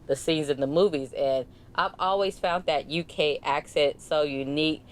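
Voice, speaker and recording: Low-voiced woman podcast co-host. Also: normal speed, slight background noise. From California, Bay Area. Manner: animated, laughs often, mimics accents. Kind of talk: casual chat.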